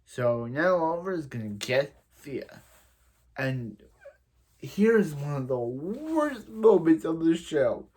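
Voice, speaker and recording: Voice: medium pitch, sing-song, takes it slowly, a little mellow. A person giving a casual, rambling recap of a TV episode, with many restarts and fillers. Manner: acts out quoted lines in other voices. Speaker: show reviewer.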